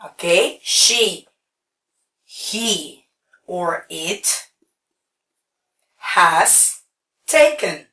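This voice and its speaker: A woman with a medium-pitched, expressive voice and a sharp tone gives an English grammar lesson. Slow and step by step, she checks in often with "okay." The recording sounds roomy and echoey, made at a distance from the mic.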